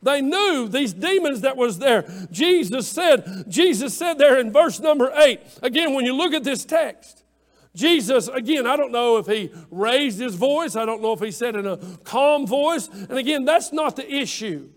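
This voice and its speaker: A man's voice: very high voice, expressive, moderate pace. A man preaching a fervent sermon, calling out to his congregation and pressing his points with emphasis.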